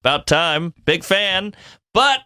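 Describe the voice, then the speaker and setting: A young male radio co-host making quick, chatty points. His voice is high and bright, with a sharp edge. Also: animated, smooth. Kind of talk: casual radio talk.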